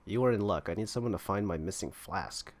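A man's voice: deep voice, lightly acted. Man reading as an upset innkeeper. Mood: urgent. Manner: reads quest text aloud quickly. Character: upset male innkeeper who lost his flask.

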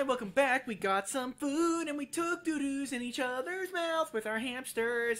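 Exasperated man ranting, bright voice. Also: very high-pitched. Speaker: co-host. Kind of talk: let's play commentary.

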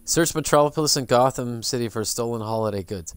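A man's voice: medium pitch, fairly quick, clean tone, no room sound. A man streaming a game, muttering sarcastic, swearing asides as he plays. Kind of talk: casual gameplay commentary.

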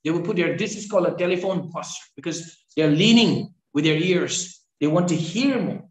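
A man's voice: on the high side, normal speed. A man from Northeast India giving a training lecture. He repeats key phrases and keeps checking in with "right?". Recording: echoey room.

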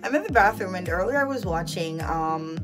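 A young Jamaican woman with a Jamaican accent, vlogging from her bathroom and ranting about pet peeves in an animated, exasperated way. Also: on the low side, a little fast, over music. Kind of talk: casual vlog chat. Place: bathroom at home.

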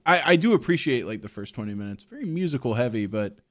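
A man's voice: medium pitch, sing-song, fast talker, fairly bright tone. A man co-hosting a podcast in casual chat, telling stories with profanity and laughing asides. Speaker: podcast co-host.

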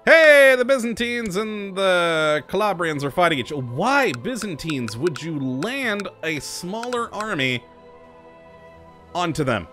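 Lively, frantic man playing a strategy game. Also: high voice, a little slow, soft background music. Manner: frantic, self-mocking, talks to his units. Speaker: game commentator. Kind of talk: let's play commentary.

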